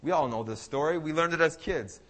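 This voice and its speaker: A young male preacher with a notably high-pitched voice delivers his sermon with fervor. He is emphatic and impassioned, and he keeps circling back to repeat key phrases for force. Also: a little fast, a bit bright. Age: young adult. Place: church service.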